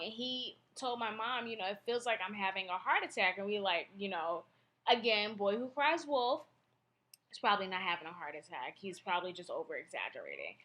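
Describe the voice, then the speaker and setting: High-voiced young woman, halting and emotional. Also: bright, forceful tone. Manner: halting and emotional, with many fillers and restarts. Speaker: blogger. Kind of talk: personal confessional monologue.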